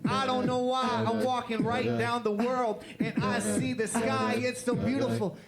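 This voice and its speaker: A man's voice: very high-pitched, little pitch movement, measured pace, creaky, heavily acted. A man freestyling as a cheerful, boastful male rock-picking laborer, singing and rapping in a goofy sing-song way on a TV studio stage. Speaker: freestyle performer. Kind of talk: freestyle rap and sung improv. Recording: loud backing music under voice.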